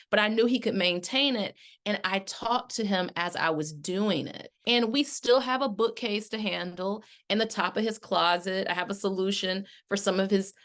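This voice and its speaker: A middle-aged woman hosts her own podcast as a life coach, speaking at an ordinary mid pitch. She talks straight to her listeners and calls them y'all. She moves between a personal story and direct coaching. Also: fairly bright tone. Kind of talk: casual chat.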